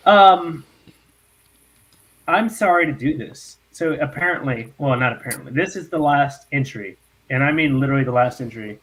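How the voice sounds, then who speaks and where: A man hosting a podcast in casual chat, unhurried and laughing often. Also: mid-range voice, animated, a bit bright. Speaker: podcast host.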